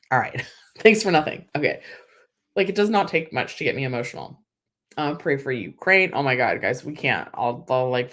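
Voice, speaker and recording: A young woman from California hosting a casual livestream, reading viewer comments and chatting with lots of "like" and "um" fillers. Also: deep voice. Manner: chatty, emotional, many "like" and "um" fillers.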